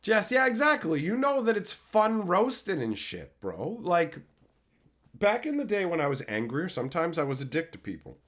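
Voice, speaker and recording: A man's voice: high-pitched, moderate pace. A man streaming, telling stories in a brash, snarky, profane way, from Canada. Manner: profane, animated storytelling. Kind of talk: casual stream chat.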